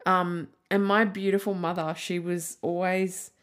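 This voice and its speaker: A woman's voice: on the low side, little pitch movement, a little slow. A woman in her thirties hosting a solo podcast, rambling candidly with lots of "like" and the odd swear word. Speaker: podcast host. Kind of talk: casual solo podcast chat.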